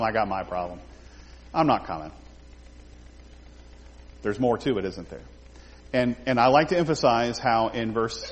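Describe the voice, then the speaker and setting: A man's voice: medium pitch, in a large hall. A man teaching a Bible study, talking the group through a passage and acting out the quoted lines in character.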